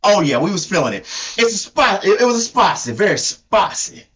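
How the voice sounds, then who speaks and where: A man's voice: sits high, sing-song, a little fast, a bit bright, slightly rough, heavily acted. A man putting on a Southern US country drawl to play a rowdy cowboy storyteller, telling a crude comic tale in a boisterous, folksy way. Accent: put-on Southern US country. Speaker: co-host. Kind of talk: comedic improvised storytelling. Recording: dull lo-fi recording.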